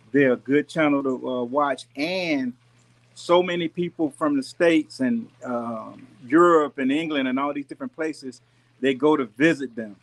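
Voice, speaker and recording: Laid-back man chatting on a live stream. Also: a little high. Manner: relaxed, folksy, talks to viewers directly. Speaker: YouTube gardening channel host. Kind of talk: casual live-stream chat. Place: rented house with pool and jacuzzi. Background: pool and jacuzzi noise.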